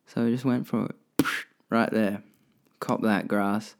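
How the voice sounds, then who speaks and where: Gravelly Australian man rambling on a podcast. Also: lowish voice, steady tone, takes it slowly. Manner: rambling and profane, self-correcting. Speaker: podcast host. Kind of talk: casual podcast chat answering listener questions.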